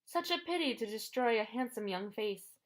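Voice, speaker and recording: A woman's voice: on the high side, moderate pace, lightly acted. A woman voicing a monstrous old woman in an audiobook, speaking in a soothing, coaxing purr. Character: Medusa, ancient female monster posing as a sweet old lady. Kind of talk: audiobook character voice.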